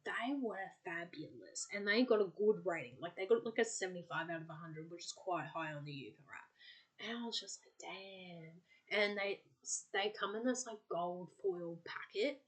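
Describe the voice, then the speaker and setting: A woman's voice: fairly low pitch, a bit bright. A woman hosting a podcast, chatting casually and bubbly, with lots of filler words. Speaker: podcast host.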